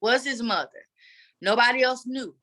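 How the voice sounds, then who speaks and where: A woman guest telling a candid personal story in an earnest, animated way. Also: on the high side, moderate pace. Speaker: guest advocate.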